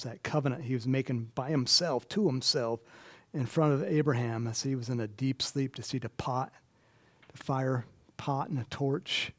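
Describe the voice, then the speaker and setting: A man preaching a conversational sermon in a church, chatty and self-deprecating, laughing often. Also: medium pitch. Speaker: pastor.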